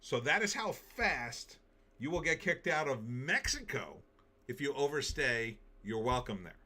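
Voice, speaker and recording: A man's voice: medium pitch, big pitch swings, measured pace, bright, forceful tone. A man hosting a political commentary show, giving opinionated, emphatic takes and reading out viewer comments.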